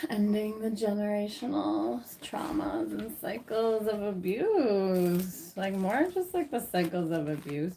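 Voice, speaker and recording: A woman's voice: medium pitch, darkish tone, a little hiss or hum. A woman chatting casually on a live stream from home, rambling with lots of fillers and frequent laughs. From Canada.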